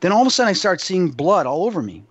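A man with a somewhat high voice tells his story in an animated, emphatic way, guest on an interview. The sound is dry and close, but dull and lo-fi, with no room around it. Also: very fast, slightly rough, dry recording. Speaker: psychic medium guest.

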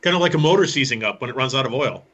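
A man interviewing a guest, asking questions in a relaxed, conversational way. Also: mid-range voice, rapid-fire, breathy edge. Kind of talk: casual interview. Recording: dull lo-fi sound.

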